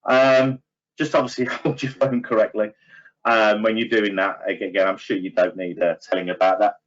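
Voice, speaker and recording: A man's voice: lowish voice, level tone, moderate pace. Chatty man, dull lo-fi sound. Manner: chatty, filler-heavy, self-deprecating asides. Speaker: trainer for estate agents. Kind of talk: webinar training talk.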